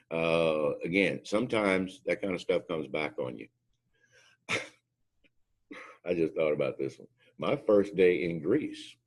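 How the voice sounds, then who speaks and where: A man with an extremely low, gravelly voice tells war stories from his drill instructor days. His tone is husky and rough at the edges, and he punches his points hard, slipping into the voices of the people in his tales. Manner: emphatic storyteller, acts out quotes. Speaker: speaker, former drill instructor. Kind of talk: anecdotal motivational talk.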